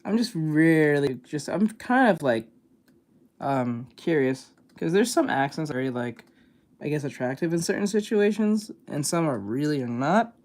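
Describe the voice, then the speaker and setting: An art streamer reacts to videos live, chatting casually with viewers in a rambling, hesitant way full of fillers and restarts. His voice is a little high and a little mellow, with lively intonation at normal speed.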